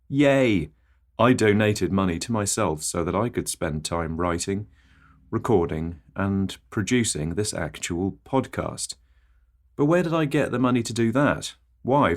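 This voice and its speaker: Male comedy podcast host, low voice, scripted absurdist patter, puns and mock pomposity. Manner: rambling wordplay and mock self-importance.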